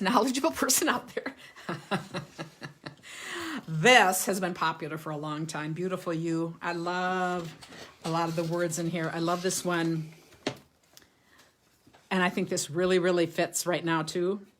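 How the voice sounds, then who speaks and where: There's a little hiss or hum as a woman with a slightly low voice hosts a live stream about handmade cards. Warm, chatty and enthusiastic, she laughs often between remarks and reads viewer comments aloud.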